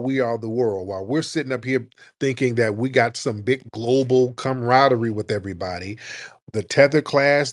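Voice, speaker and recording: A man hosting a live call-in talk show, speaking in an emphatic, repetitive, preaching way. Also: mid-range voice. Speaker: host.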